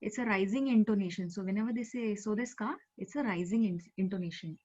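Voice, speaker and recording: Brief: female teacher, patient and explanatory, mid-pitched, heard over a dull video call. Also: fast talker, mellow. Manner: patient, explanatory, with frequent fillers. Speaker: Japanese language teacher. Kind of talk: online language class.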